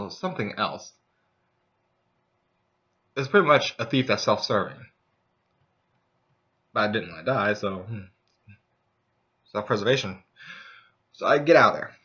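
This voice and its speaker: A young man rambles through a profane story from a tabletop game night. His voice is bright and lively, jumping around a lot in pitch. The recording is dull and lo-fi. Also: moderate pace, long pauses. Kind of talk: casual anecdote about a tabletop game.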